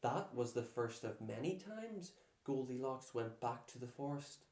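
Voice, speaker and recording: Guy reading a kids story real slow, dark voice, echoey room. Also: medium pitch, animated. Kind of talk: reading a children's storybook aloud.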